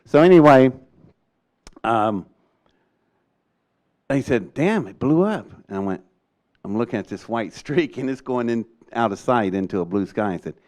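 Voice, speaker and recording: Older man telling an animated story. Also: lowish voice, normal speed, long pauses. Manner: lively, laughs often, acts out quoted people. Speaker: speaker recounting a rocket test.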